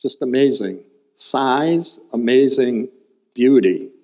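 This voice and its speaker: A man's voice: medium pitch, animated, takes it slowly, warm tone. A male pastor preaching a sermon, explaining a Bible passage and repeating key points for emphasis. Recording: dull recording with long hall reverb.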